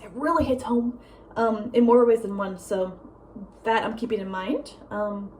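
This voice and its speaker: A young woman talks in a breezy, rambling way, dropping "like" and "um" constantly and laughing as she goes. Her voice sits a little high. A faint hum of home ambience sits behind her. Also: fairly even intonation, a little slow. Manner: rambling, lots of "like" and "um", laughs often; breezy, drifts between loud and soft. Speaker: vlogger. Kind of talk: casual chatty vlog monologue.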